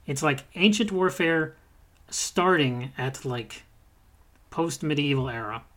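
Male podcast host, slightly higher voice, blunt and profane, wry animated tangents. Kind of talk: casual podcast chat.

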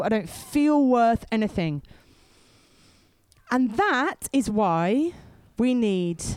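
Lively woman preaching. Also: fairly high pitch, dry recording. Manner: chatty storytelling with asides to the crowd. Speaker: speaker at a youth event. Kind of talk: sermon.

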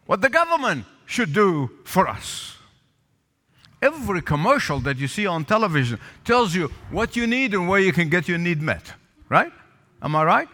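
A man's voice: high-pitched, big pitch swings, normal speed, sharp tone, in a large hall. A male pastor preaching a sermon, calling for responses from the congregation and repeating lines for emphasis. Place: church sanctuary with balcony.

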